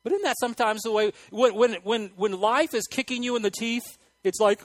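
A man preaching a sermon to a church congregation, moving between quiet, earnest asides and loud, excited outbursts. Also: extremely high pitch, brisk, hardly any pauses, dry recording, poor audio. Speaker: pastor.

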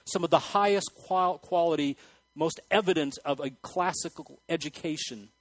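A man preaching a sermon to a church congregation, moving between quiet, earnest asides and loud, excited outbursts. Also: on the high side, no echo, rough recording. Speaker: pastor.

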